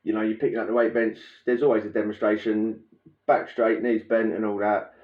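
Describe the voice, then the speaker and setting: A man telling a prison story in a casual, animated way, laughing and acting out the scene with sound effects. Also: lowish voice, fairly quick. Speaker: podcast host telling prison stories. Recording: roomy, dull lo-fi sound.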